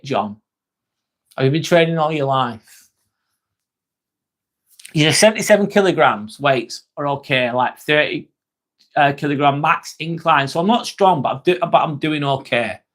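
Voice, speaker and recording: On a casual live-stream chat, the host, a man with a mid-range, slightly bright voice, responds directly to his viewers' messages. He keeps it chatty and full of jokes, swearing along the way.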